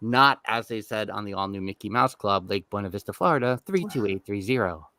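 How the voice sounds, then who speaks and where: A man's voice: fairly low pitch, animated, fairly quick, sharp tone, no echo. A man co-hosting a podcast in casual chat, rambling with lots of fillers. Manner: rambling, restarts with many fillers. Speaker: podcast co-host.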